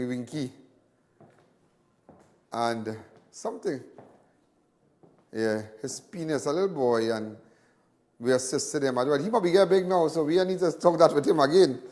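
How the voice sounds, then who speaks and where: A man's voice: medium pitch, a little mellow. A man with a Trinidadian accent hosting a live crime talk show, rambling, boastful and joking.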